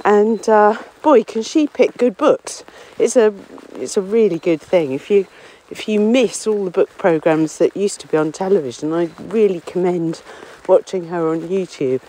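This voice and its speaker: A woman's voice: fairly low pitch, moderate pace, hardly any pauses, mellow, poor audio. A woman, a local author, chatting rambly and self-deprecating while walking outdoors among trees on a windy common, slightly out of breath. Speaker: local author and podcast contributor. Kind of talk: casual spoken diary on a walk. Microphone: phone or portable recorder, no headphones.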